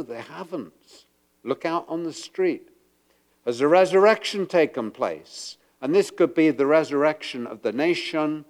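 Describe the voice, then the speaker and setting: A man preaching a sermon to a congregation, moving from quiet asides to loud, emphatic rhetorical questions. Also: medium pitch. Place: church before a congregation.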